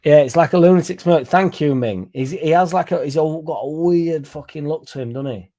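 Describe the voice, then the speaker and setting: A man's voice: a little high, brisk, mellow. A young man telling a rambling, sweary story to his livestream viewers in a blunt, casual way. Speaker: football fan streamer.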